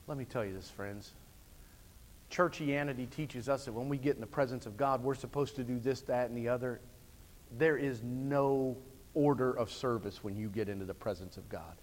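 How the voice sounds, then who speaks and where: A man preaching a sermon, swinging from hushed passages to shouted climaxes. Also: medium pitch, moderate pace. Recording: long hall reverb.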